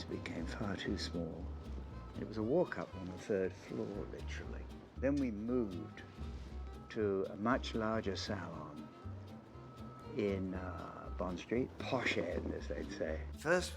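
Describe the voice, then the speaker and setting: A man from London recalling his working life in a documentary interview, reflective and candid. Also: deep voice.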